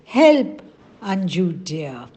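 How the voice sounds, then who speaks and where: A woman's voice: fairly low pitch, big pitch swings, extremely slow, mellow, breathy edge, full character voice. A woman voicing a mournful old crow. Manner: lamenting, pleading. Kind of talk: storybook reading.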